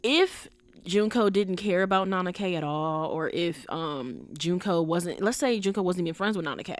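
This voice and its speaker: A woman hosting a podcast, talking in an animated, emphatic casual way with rhetorical questions and lots of fillers. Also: lowish voice, normal speed, no room sound, studio quality. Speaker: podcast host. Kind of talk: casual commentary.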